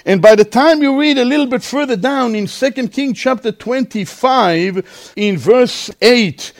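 A man preaching a sermon and reading scripture aloud, slow and emphatic, drawling out words and swinging sharply between high and low. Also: animated.

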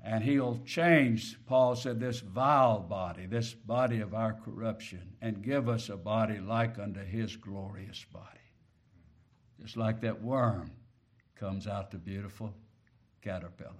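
A male preacher delivering a sermon, slow and deliberate, swinging from quiet low phrases to loud emphatic peaks on key words.

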